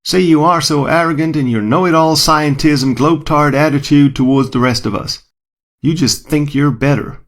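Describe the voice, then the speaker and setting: Gravelly husky voice, indignant flat-earth man in a put-on accent, combative and high-pitched, a man putting him on. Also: moderate pace, few pauses. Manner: put-on accent, raised and insistent.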